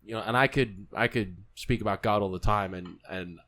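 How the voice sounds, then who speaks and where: A man's voice: lowish voice, normal speed, a bit bright. A man co-hosting a podcast, speaking in a heartfelt, rambling way with many restarts. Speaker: podcast co-host. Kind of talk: casual chat. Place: podcast studio.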